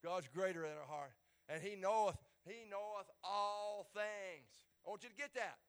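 High, bright preacher man. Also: moderate pace, clear, resonant tone. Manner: repeats words, builds to loud shouted peaks. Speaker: pastor. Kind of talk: sermon.

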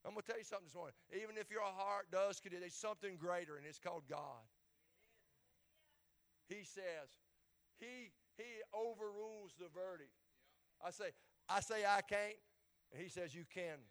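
A man preaching a sermon, stammering and repeating words as he builds toward loud, shouted peaks. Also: sits high, moderate pace. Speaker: pastor.

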